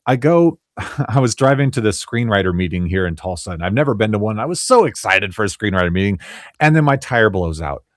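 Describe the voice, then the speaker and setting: A man in his forties, an interview guest who tells earnest, animated stories about his work and often repeats words when he gets excited. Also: on the low side, brisk, no echo, studio quality. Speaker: interview guest, children's cartoon creator. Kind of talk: casual interview storytelling.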